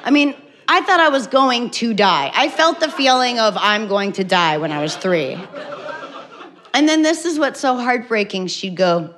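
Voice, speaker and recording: A middle-aged woman doing a stand-up comedy set on stage, telling a story deadpan with sudden loud acted bursts. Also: a little high, a little slow. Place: stage before a live audience.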